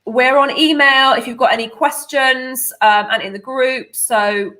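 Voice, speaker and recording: A woman's voice: sits high, fairly even intonation, unhurried, pushed and bright. A woman hosting a casual live stream, bubbly and chatty with lots of fillers. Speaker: host of a nutrition membership livestream.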